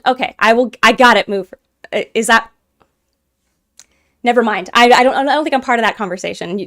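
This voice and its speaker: Woman, fairly high voice, live stream host, casual chat, animated, chatty. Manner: chatty, animated, quick asides and laughs. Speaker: livestream host reading chat.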